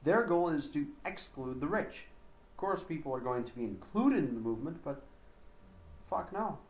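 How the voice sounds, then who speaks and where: A man's voice: on the high side, sing-song, fairly quick, a little mellow, reverberant. An American man chatting casually on a livestream. He rambles, and he drifts into broken French and Dutch. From United States. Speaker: livestream host.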